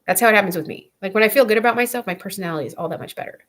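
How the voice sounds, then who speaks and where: A woman's voice: medium pitch, very fast, a bit bright. A young woman chatting casually to camera on her vlog, blunt, profane and rambling. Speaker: vlogger.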